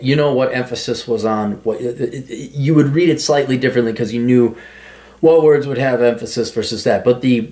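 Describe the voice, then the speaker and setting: A man's voice: medium pitch, a little mellow. A man hosting his own show, reading out listener comments and answering them in a sarcastic, rambling, self-mocking way. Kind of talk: casual solo commentary.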